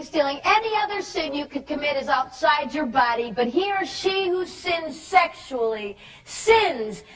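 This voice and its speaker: Woman youth speaker, high-pitched, emphatic and preachy; distant mic, faint crowd. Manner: emphatic, preachy, with shouted stresses and slow drawn-out points. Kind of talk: impassioned religious talk to students.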